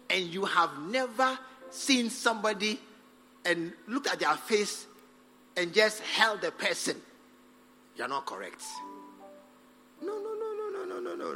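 A high-voiced man preaches with a wide, lively swing of pitch. He drives his points home emphatically, calls for responses and acts out little dialogues. His voice carries a long hall reverb. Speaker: pastor. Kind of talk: sermon.

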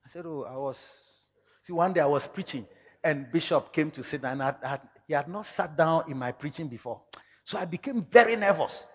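A male pastor preaching a sermon in an animated way, slipping into local-language phrases and bursting into sudden shouts. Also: a little high, fairly quick, breathy edge, big-room sound.

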